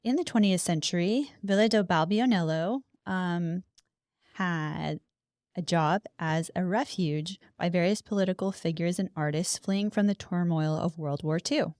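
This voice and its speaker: A woman's voice: fairly low pitch, unhurried, a little mellow, no echo, studio quality. A woman co-hosting a casual podcast, reading history notes aloud with chatty asides. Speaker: podcast co-host.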